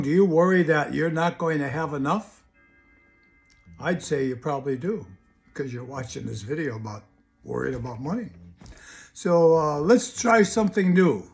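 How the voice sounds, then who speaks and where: Older male hypnotist, raised pitch, gravelly, folksy storyteller throwing rhetorical questions. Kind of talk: motivational video talk.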